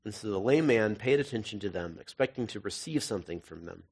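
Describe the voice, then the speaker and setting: A man's voice: on the low side, animated, fast, a little mellow, breathy edge. A man giving a sermon as pastor, reading scripture and then breaking into jokey, conversational asides.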